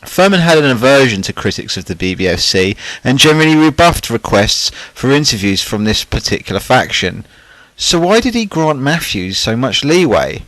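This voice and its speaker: A man reads a scripted documentary narration at a middling pitch. His delivery is sardonic and he drops catty asides. The recording is dry and close, with no room sound. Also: sing-song, moderate pace, a bit bright, no echo, poor audio.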